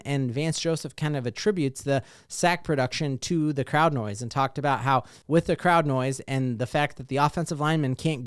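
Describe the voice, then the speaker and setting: A man hosting a casual sports talk show, excited and rambling with lots of fillers. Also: on the high side, clean tone, dry recording, studio quality.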